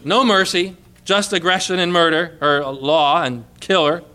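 A man preaching a sermon, emphatic, repeating key phrases and dropping to a hush for quoted lines. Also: fairly high pitch, steady tone, a little slow.

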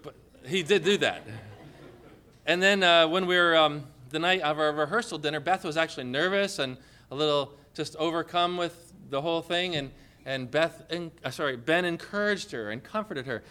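Guy preaching in church, high-ish voice, keeps asking the room questions. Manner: lively, asks the congregation questions. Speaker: pastor. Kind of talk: sermon.

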